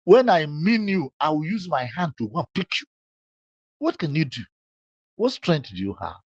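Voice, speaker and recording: A man's voice: on the high side, sing-song, normal speed, no echo, lo-fi sound. A man scolding a critic in a direct-address rebuttal, emphatic and full of repeated rhetorical questions. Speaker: public figure addressing a critic.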